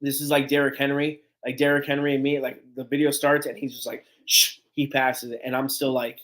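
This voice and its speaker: A man hosting a live fan stream, telling a story in a casual, animated, rambling way, swearing freely and laughing as he goes. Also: mid-range voice, a little fast. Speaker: sports fan show host.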